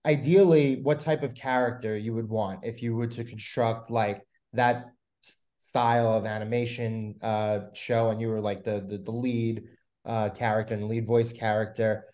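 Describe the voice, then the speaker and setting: Co-host: man, lowish voice, chatty and rambling. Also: steady tone, normal speed, a little mellow. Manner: chatty, asks rambling questions. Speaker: podcast co-host. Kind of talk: casual interview chat.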